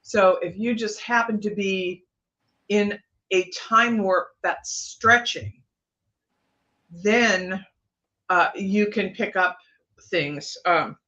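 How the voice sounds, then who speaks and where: A woman's voice: medium pitch, slow, long pauses, bright, forceful tone, dull audio. A woman, a guest psychic on a livestream, telling a personal ghost story in a meandering way, with many fillers and restarts.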